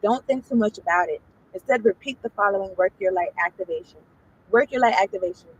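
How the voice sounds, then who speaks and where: A woman reading tarot in a relaxed, unscripted flow, swinging between reading card text and tossing off profane asides. Her pitch sits in a middle range for a woman. A faint hiss of noise stays under her voice throughout. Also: quick pace, rough recording. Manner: loose and profane, reads card text aloud then riffs on it. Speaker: tarot reader. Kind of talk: casual livestream tarot reading.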